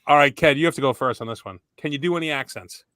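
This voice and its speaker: A man's voice: a little high, fast, fairly bright tone, dry recording, studio quality. A man co-hosting a podcast, running an easygoing round of questions in casual chat. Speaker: podcast co-host asking questions.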